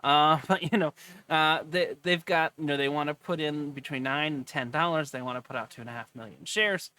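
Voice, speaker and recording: A man's voice: a little high, fairly quick, sharp tone, clear, resonant tone. A man hosting a casual stock video, chatting and reading a filing aloud with jokes. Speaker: host.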